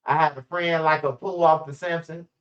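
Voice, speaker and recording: A man's voice: on the high side, steady tone, normal speed, dull audio. A young man, telling stories in a rambling, slang-heavy, profane way as a channel host. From Chicago. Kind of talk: casual storytelling commentary.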